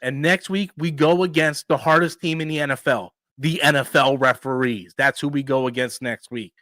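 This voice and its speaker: A man's voice: mid-range voice, steady tone, moderate pace, fairly bright tone, dry recording. A man in his forties hosting a casual live stream, ranting animatedly and swearing freely. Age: 40s.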